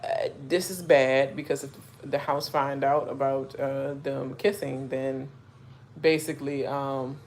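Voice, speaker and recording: A woman talks through a live reaction stream, rambling and full of fillers. Her voice carries a gravelly fry, and there's a faint hiss of noise under it. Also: extremely low pitch, little pitch movement, measured pace, darkish tone. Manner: chatty, rambling with many fillers and asides. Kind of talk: casual live reaction chat.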